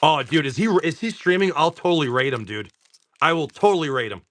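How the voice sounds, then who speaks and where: A man's voice: a little high, expressive, brisk, fairly bright tone. A man hosting a casual livestream, opening card packs, often swearing and exclaiming over the pulls.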